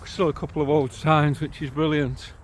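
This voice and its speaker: A man's voice: fairly high pitch, little pitch movement, normal speed, a little hiss or hum. A middle-aged man with a St Helens accent, chatting casually as he walks outdoors along canals and old railway lines, filming on a handheld camera. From St Helens, England. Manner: chatty, easygoing, cheerful about local sights. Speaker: vlogger guiding a railway walk. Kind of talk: casual walking-tour narration. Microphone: handheld camera while walking.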